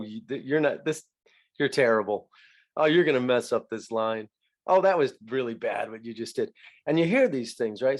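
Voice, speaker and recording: A middle-aged man, an actor guest on a podcast, talking reflectively in a casual chat with many restarts. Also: mid-range voice.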